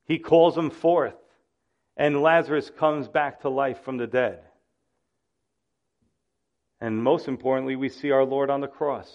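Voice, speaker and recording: A man's voice: mid-range voice, a little mellow. Dramatic male preacher, dull recording. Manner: dramatic, acts out quoted voices. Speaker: pastor. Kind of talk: sermon.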